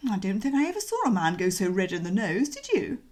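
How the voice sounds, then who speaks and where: A woman voicing a cheerful young gentleman, breezy and chatty, in a bouncy, slangy audiobook reading. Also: mid-range voice, huge pitch swings, fast talker.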